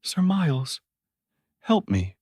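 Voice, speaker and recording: A man voices a proud young boy king, pitched above his own voice and heavily acted, with a pleading mood. The delivery is slow and sing-song, slightly high, a little mellow and slightly rough, in clean studio sound with no room sound.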